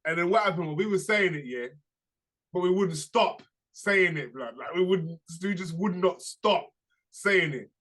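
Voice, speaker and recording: A young man, chatting casually as a podcast co-host and telling lively stories in slang. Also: high voice, moderate pace. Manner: animated storytelling, slangy, laughs through anecdotes. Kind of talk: casual chat.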